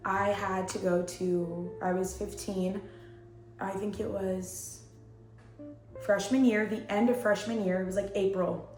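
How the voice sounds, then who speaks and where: A young woman vlogging at home, telling her story in a chatty, animated, slangy way. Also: medium pitch. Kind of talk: casual storytelling vlog. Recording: echoey room with faint music.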